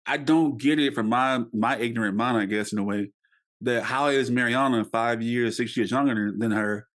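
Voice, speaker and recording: A man's voice: medium pitch, moderate pace, fairly bright tone. A young man hosting a podcast, talking casually and rambling with many fillers and restarts. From United States. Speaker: podcast host.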